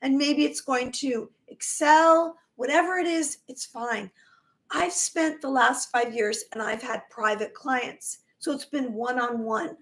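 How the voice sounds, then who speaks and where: A woman with a high voice hosts a casual live stream, offering encouragement and affirmations. She now and then stumbles over her words, and her voice sounds worn, as if she is losing it. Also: measured pace, a bit bright. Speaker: spiritual teacher hosting a live stream.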